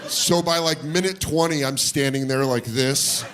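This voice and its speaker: A man doing stand-up at a comedy club tells a story in a fairly high, unhurried voice, with a crowd audible in the background. He's animated and acts out the voices of the people involved, and the live recording includes audience laughter.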